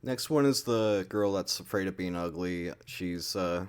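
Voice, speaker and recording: A man's voice: sits low, unhurried, clear, resonant tone. A man giving a casual, rambling movie review, full of swearing and filler words.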